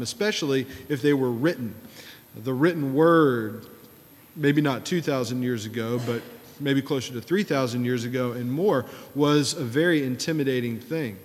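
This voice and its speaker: A man in his thirties delivers a sermon in a chatty, storytelling manner. He drops in wry, dry asides. His mid-range voice carries a long reverb from a church sanctuary. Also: mid-range voice. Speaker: pastor.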